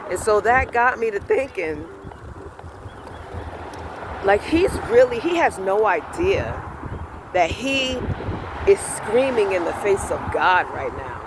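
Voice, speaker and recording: A man's voice: high voice, very animated, takes it slowly, long pauses, noisy background. A man telling a heated story in a casual, profane rant, acting out both sides of an argument. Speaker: self-styled spiritual vlogger.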